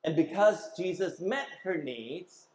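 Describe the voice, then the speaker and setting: A man's voice: sits high, expressive, slow, reverberant, rough recording. A man preaching a sermon as pastor, emphatic, asking the congregation questions and having them repeat words after him.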